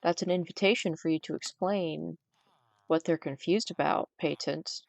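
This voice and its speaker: A woman streaming a game live, chatting casually with her chat and teasing them in a dry, deadpan way. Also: low-pitched, moderate pace, vocal fry, no room sound.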